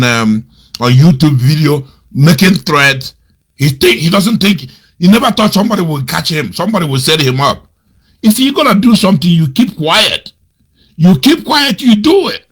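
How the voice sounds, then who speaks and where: On a web radio show, a husky-voiced male commentator delivers angry political commentary, reading out quotes and mocking them. He is scornful and indignant, repeats insults, and swings between loud outbursts and low mutters.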